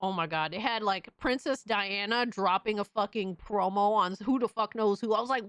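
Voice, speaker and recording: Excitable, foul-mouthed woman streamer. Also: medium pitch, moderate pace, few pauses, clear, resonant tone, no room sound, studio quality. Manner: excitable, profane, reacts loudly to chat messages. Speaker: livestream host reading chat. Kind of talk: casual stream chat.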